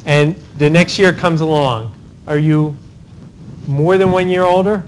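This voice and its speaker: High-voiced professor firing questions. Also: male voice, a little hiss or hum, poor audio. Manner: rapid cold-calling of students, tag questions like "right?". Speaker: law professor. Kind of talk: Socratic classroom lecture. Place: university classroom.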